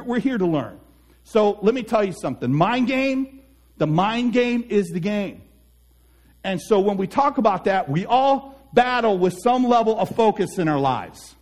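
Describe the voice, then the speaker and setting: A man with a high, light voice gives an earnest motivational talk as a life coach. He speaks with animated energy and slips into the voices of the people he quotes.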